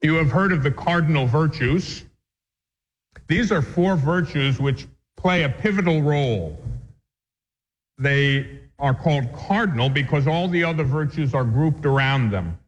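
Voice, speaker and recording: Earnest male priest, slightly high voice, emphatic religious lecture; muffled recording with long reverb. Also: animated, measured pace. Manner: earnest, emphatic, repeats key points. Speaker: Catholic priest teaching a catechism class. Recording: dull lo-fi sound in a reverberant hall.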